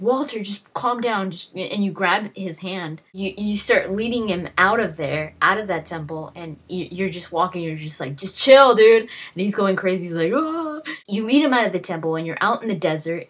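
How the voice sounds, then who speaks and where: Young woman, gaming vlogger, casual rambling storytelling, husky, lowish voice. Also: brisk, hardly any pauses, a bit bright. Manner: rambling, lots of fillers and restarts, acts out quotes.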